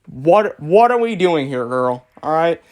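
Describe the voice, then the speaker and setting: A man's voice: fairly high pitch, big pitch swings, unhurried, darkish tone. A man hosting a commentary video, reading out comments and mocking them in a rambling, filler-heavy way, laughing at his own jabs. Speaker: channel host reacting to comments.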